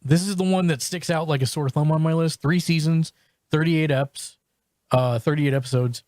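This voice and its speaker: A man's voice: a little high, a little mellow, no echo. A man hosting a podcast, chatting casually and reviewing shows, with frequent restarts and fillers. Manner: halting, full of restarts and fillers. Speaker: podcast host.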